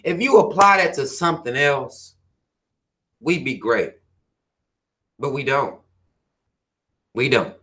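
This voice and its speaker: Animated, preachy man ranting to viewers. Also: mid-range voice, slow, long pauses. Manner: animated, profane, preachy, fires questions at listeners. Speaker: channel host reading viewer comments. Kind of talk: livestream rant.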